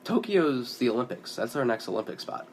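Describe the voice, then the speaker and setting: A man co-hosting a casual chat, rambling through travel stories and getting animated when amused. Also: mid-range voice, fairly quick, a little hiss or hum. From United States. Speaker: podcast co-host.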